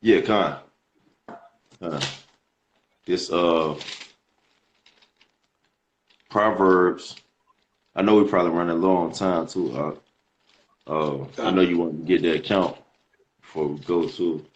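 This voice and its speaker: A man's voice: low voice, steady tone, measured pace, long pauses, muffled recording, a little hiss or hum. A man preaching casually over scripture readings in a slangy way, often repeating words as he goes.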